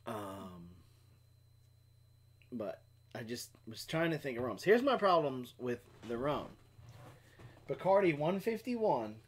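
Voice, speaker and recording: Rambling man telling stories with lively pitch. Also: slow, pauses often, husky. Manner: rambling storyteller with restarts. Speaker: co-host of a homestead live stream. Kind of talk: casual chat.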